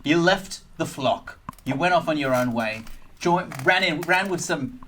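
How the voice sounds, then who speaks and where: Brief: game master voicing a dry, stern crime-boss father, lively pitch, faint background hiss. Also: a little slow.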